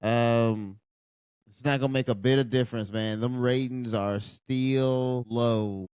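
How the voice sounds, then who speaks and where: A man's voice: lowish voice, a little mellow, clean tone, no room sound, clean studio sound. A man reviewing a wrestling show late at night, tired, blunt and profane in his mocking running commentary. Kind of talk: casual ranting commentary over a live show.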